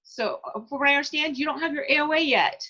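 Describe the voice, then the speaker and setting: Bright-voiced chatty woman host. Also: high-pitched, fast talker. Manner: chatty and encouraging, laughs easily. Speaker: podcast interviewer. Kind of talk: casual interview. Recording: dull lo-fi audio.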